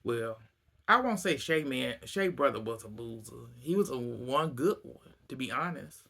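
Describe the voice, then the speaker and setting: Male recapper, bright and lively, loose gossipy storytelling. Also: medium pitch, normal speed, creaky, breathy edge. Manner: animated storytelling, acts out cast quotes, laughs often. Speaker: reality TV recapper. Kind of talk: casual recap.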